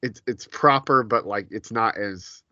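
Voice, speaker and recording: A man's voice: on the low side, unhurried, sharp tone, no echo, lo-fi sound. A man co-hosting a podcast in casual chat, telling stories animatedly and laughing often. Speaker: podcast co-host.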